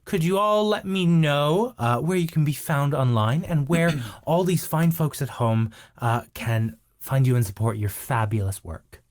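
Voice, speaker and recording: A British man narrating as game master of a tabletop game, halting and full of fillers and laughs. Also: a little high.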